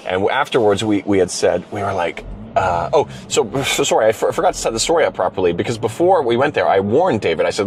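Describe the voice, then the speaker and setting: A man's voice: on the low side, sing-song, quick pace, a little hiss or hum. A man hosting a casual conversation, telling a story animatedly with plenty of fillers and restarts. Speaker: host. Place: car driving through a city.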